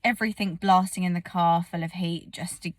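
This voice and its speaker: A woman's voice: on the low side, fairly even intonation, fairly quick, dry recording. A woman in her thirties chatting casually to camera in a vlog, cold and yawning, with a self-mocking manner. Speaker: vlogger. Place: parked car.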